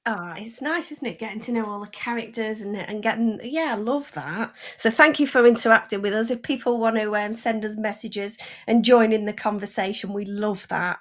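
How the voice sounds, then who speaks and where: A woman's voice: medium pitch, normal speed, few pauses. A woman co-hosting a podcast, upbeat and encouraging as she tells light stories. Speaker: podcast co-host. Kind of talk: casual chat.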